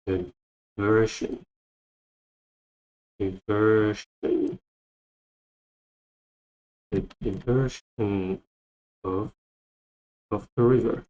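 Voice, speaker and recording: Slow, low-voiced man teaching vocabulary. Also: fairly even intonation, darkish tone, highs cut off. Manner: repeats words many times, thinking aloud. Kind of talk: slow, repetitive vocabulary lesson.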